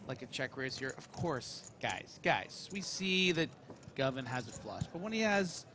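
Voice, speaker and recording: A man's voice: medium pitch, very animated, measured pace, bright, forceful tone, a little hiss or hum. A man explaining poker strategy on a live broadcast, analytical and full of fillers.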